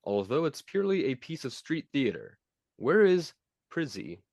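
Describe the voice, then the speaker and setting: A young man hosts a casual podcast quiz, reading questions at a quick clip and needling his friend between answers. His pitch swings a lot as he talks. The sound is close and dry, with no room to it. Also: big pitch swings, gravelly, a little mellow, no echo. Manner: playful, teasing, reads quiz questions quickly. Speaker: podcast co-host running a quiz.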